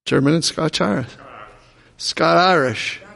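Man, pastor, gravelly voice, slow delivery, sermon in a reverberant church hall. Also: a little high, fairly bright tone. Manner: slow, repeats congregation answers aloud. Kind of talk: sermon with audience call-and-response.

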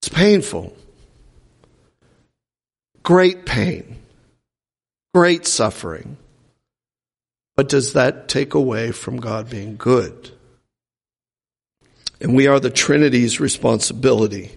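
A man's voice: medium pitch, expressive, slow, vocal fry, pauses often. A male pastor preaching a sermon, emphatic and driving home his points with repeated rhetorical questions. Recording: reverberant hall.

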